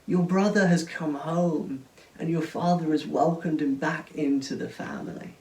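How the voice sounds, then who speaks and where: A man's voice: on the high side, steady tone, a little slow, gravelly, a little mellow. A man doing an eager farm worker. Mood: surprised. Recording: roomy sound, mic at a distance.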